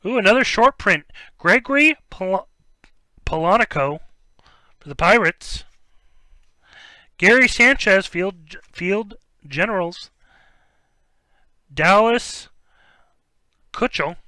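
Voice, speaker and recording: Young guy hosting a card break, bright crisp voice, rambly and chatty, trips over names. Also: sits high, takes it slowly, pauses often, no room sound. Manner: rambling, stumbles over names, bursts of excitement. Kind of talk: casual live-stream chat while opening cards.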